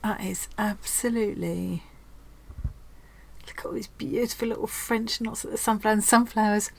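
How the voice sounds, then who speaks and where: A woman vlogger chatting casually at home as she opens a craft swap parcel, gushing and excitable, with frequent restarts. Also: medium pitch, normal speed, creaky, poor audio. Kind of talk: casual unboxing chat.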